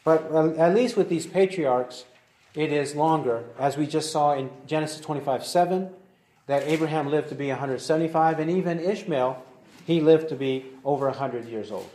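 Guy doing a bible lesson, kinda high voice, reads the verses slow, echoey room. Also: warm tone. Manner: deliberate, slows to read verses aloud. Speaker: Bible teacher. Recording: roomy echoey recording.

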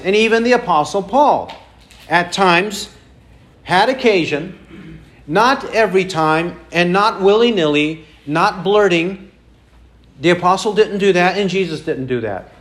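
A man's voice: sits high, expressive, a little slow, a bit bright. A man preaching a sermon, asking the congregation questions and repeating key phrases for emphasis. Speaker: pastor.

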